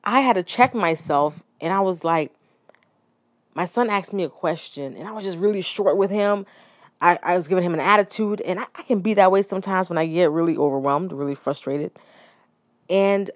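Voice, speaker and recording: A woman in her thirties talks through a personal story on her podcast, candid and reflective, doubling back with restarts and little asides. Her voice sits low, and the recording is close and dry, with no room sound. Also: no echo. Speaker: podcast host.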